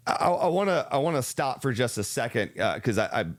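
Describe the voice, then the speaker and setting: A man hosting a reaction video, explaining a business model in a measured, step-by-step way with some restarts. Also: mid-range voice, sing-song. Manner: measured, explanatory, restarts and fillers, speeds up and slows down. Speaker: real estate channel host reacting to a video.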